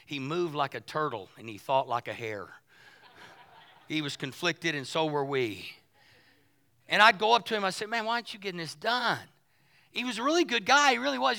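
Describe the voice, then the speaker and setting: A male pastor preaching a sermon, folksy and joking, building to shouted points. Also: sits high, gravelly.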